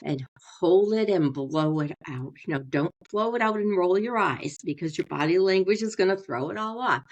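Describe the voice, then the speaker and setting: Brief: woman therapist, middle-aged, lowish voice, measured teaching manner. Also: a little mellow. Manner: slows down deliberately, demonstrates tone changes. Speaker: marriage and family therapist guest. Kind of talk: explanatory interview talk.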